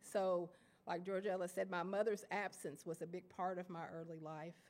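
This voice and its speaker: A woman with an Appalachian Kentucky accent giving a lecture to an audience of writers, self-deprecating and halting, with many fillers and restarts. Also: on the low side, level tone, darkish tone. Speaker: guest lecturer. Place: lecture hall before an audience.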